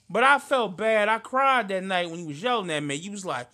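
A tearful man with a high, bright voice tells a story from the heart. His talk is slangy, casual and earnest. He sounds close to crying. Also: a little fast, hardly any pauses. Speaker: friend in conversation.

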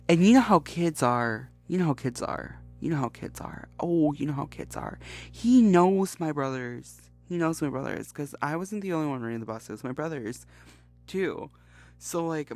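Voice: mid-range voice, dry recording. A young adult host telling a comic story in casual talk, swearing freely and repeating phrases for emphasis. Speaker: podcast host.

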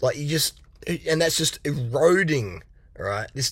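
A man's voice: a little high, animated, a little slow, a bit bright, dry recording. A middle-aged man giving a blunt, profane motivational rant as a coach, mocking and laughing often. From Australia.

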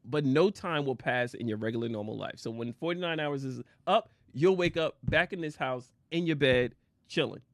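A man's voice: mid-range voice, moderate pace, hardly any pauses, no room sound. A man co-hosting a casual chat show, teasing his partner and laughing often. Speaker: podcast co-host.

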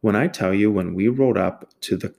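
Young man, deep voice, casual sarcastic storyteller who swears freely. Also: fairly quick, vocal fry, a little mellow. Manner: profane, sarcastic, exasperated.

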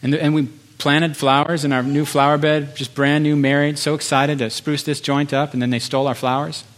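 A man preaching a sermon to his congregation, impassioned, building through repeated phrases with pauses. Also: a little high, flat delivery. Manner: impassioned, rhetorical repetition with pauses. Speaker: pastor.

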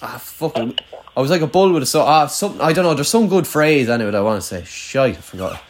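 A man's voice: medium pitch, lively intonation, fast talker, slight background noise. A young Irish man who hosts, telling rambling, sweary, self-mocking stories in casual banter with an old schoolmate.

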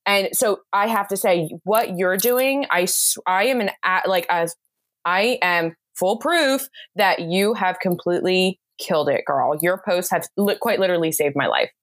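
A woman's voice: lowish voice, normal speed. A woman, a bridal makeup artist from the United States, talking in a casual, effusive way as a podcast guest. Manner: effusive, talkative, laughs often. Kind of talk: casual interview chat.

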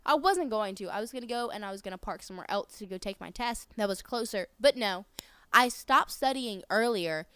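Smooth-voiced young woman telling a story. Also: medium pitch, fairly quick, no echo, clean studio sound. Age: young adult. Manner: animated storytelling, acting out quotes. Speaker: podcast co-host. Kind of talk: casual chat.

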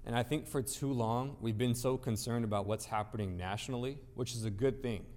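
A man of medium pitch and darkish tone speaks a little quickly as he preaches to an assembled audience. Emphatic throughout, he leans on rhetorical questions and repeated phrases to build each point. His words ring out with the long reverb of a large hall.

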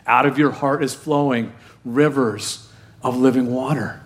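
A man's voice: mid-range voice, fairly even intonation, measured pace. A middle-aged man, a pastor giving a sermon in a conversational way and putting questions to the congregation.

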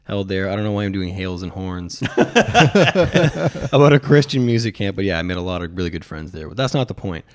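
Deep-voiced self-mocking Canadian guy. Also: sing-song, normal speed. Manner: self-deprecating, jokey. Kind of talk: casual podcast chat.

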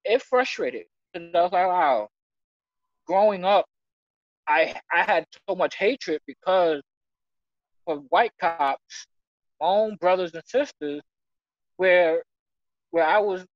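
A man giving an emotional personal testimony in conversation, earnest and halting, stumbling over restarts and near tears. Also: high-pitched, animated, dry recording, dull audio. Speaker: church member sharing his story.

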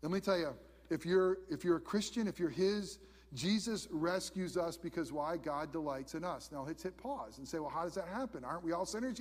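A man preaching from the pulpit in a high voice, swinging between loud emphatic bursts and hushed questions. He restarts phrases often as he presses his point. His voice carries a long reverb, as if in a large hall. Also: fairly quick. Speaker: pastor. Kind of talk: sermon.

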